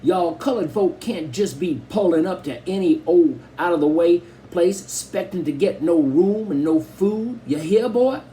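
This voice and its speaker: A man's voice: sits high, animated, unhurried, hardly any pauses, warm tone, a little hiss or hum, pitched above the performer's own voice. A man voicing a dad who mocks a twangy southern hick in an exaggerated drawl. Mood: mock-stern teasing.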